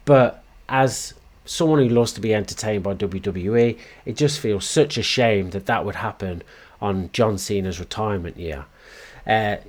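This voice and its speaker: A man's voice: on the low side, darkish tone. A man hosting a wrestling commentary show, talking in a blunt, frustrated casual rant with crude slang. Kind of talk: opinionated casual monologue.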